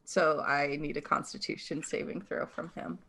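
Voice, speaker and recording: A woman's voice: low-pitched, fairly even intonation, normal speed, a bit bright. A woman playing a tabletop game, telling her character's actions in a dramatic storytelling way. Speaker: player.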